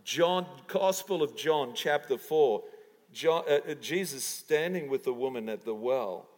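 Laughing pastor in a reverberant church. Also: male voice, medium pitch, animated, measured pace. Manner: chatty and laughing, then prayerful. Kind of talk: sermon. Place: church auditorium.

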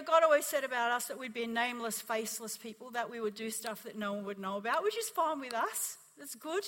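An Australian woman pastor giving an animated sermon testimony, acting out the people in her story. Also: sits high. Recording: long hall reverb.

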